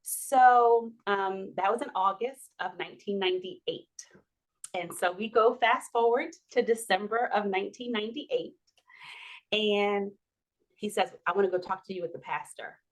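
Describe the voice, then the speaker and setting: Speaking at normal speed with a medium pitch, this podcast guest in her forties laughs her way through a personal anecdote. She performs the quoted lines with lively animation.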